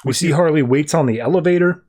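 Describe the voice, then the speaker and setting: Male podcast host, slightly higher voice, rambling casual comic recap. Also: quick pace, darkish tone. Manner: rambling, voices characters loosely in quotes.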